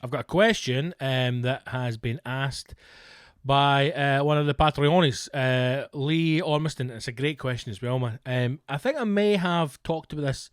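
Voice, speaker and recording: A man's voice: mid-range voice, moderate pace, clean tone, dry recording. Ranting Scottish man, dry close sound. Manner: profane, exasperated ranting with rhetorical questions. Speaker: podcast host. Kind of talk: solo comedic rant podcast.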